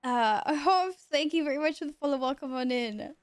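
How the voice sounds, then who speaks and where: Woman livestreamer, fairly high voice, dry close sound, excitable and quick to laugh in casual chat. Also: dry recording. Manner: excitable, laughs often, swears when amazed. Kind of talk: casual stream chat with viewers.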